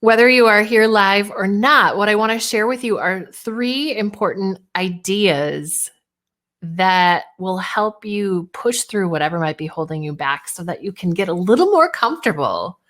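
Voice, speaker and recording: A woman's voice: mid-range voice, animated, measured pace, a bit bright. A woman hosting a live online workshop as a speaking coach, chatty and bubbly, often laughing.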